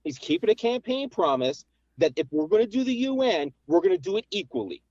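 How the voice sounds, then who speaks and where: A man's voice: sits high, very animated, a little fast, darkish tone, no room sound. A man calling in to a podcast by phone, debating casually and insisting on precise terms. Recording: dull lo-fi phone line.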